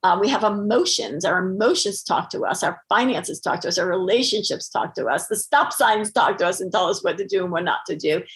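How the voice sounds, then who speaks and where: A woman's voice: mid-range voice, brisk, hardly any pauses. A middle-aged woman speaking as a guest on a podcast, talking earnestly with lots of fillers and restarts. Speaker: podcast guest, holistic doctor. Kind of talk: conversational interview.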